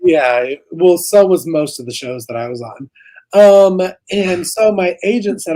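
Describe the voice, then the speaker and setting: A woman's voice: fairly low pitch, a little slow, warm tone, poor audio. A young woman co-hosting a casual live chat, a chatty and self-mocking storyteller. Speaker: co-host of a ranch livestream.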